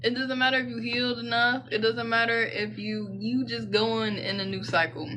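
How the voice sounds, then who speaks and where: A woman's voice: fairly high pitch, fairly even intonation, normal speed, bright, forceful tone, slight background noise, poor audio. A young woman doing a casual tarot reading, chatty and slangy, rambling into side stories. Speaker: tarot reader.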